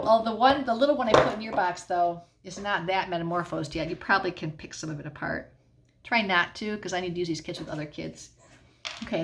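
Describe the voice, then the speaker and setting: A woman's voice: lowish voice, background noise. A middle-aged woman teacher explaining a science lesson at home in a patient way, often checking in with the class.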